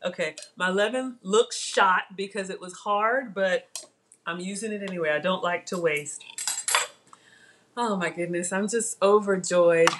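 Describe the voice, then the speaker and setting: A woman runs a laid-back cooking livestream, her mid-range voice a little slow against some background noise. Chatty and emotional, she calls out viewers by name to thank them as she works.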